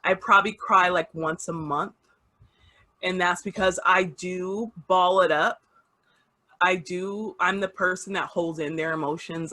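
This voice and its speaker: A woman's voice: on the low side, normal speed, bright, forceful tone. A woman co-hosting a casual podcast chat, talking candidly and reflectively with emphatic repeats. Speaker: podcast co-host.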